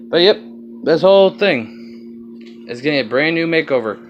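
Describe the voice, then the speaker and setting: A man's voice: fairly high pitch, animated, unhurried, lo-fi sound, soft background music. A man with a slight Southern accent filming a rambling, casual walkaround of his car project, swearing now and then.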